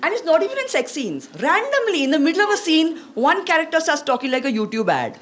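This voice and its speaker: A woman, performing a lively stand-up comedy set for a live audience. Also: sits high, fast. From India. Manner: lively, animated delivery with playful mock voices.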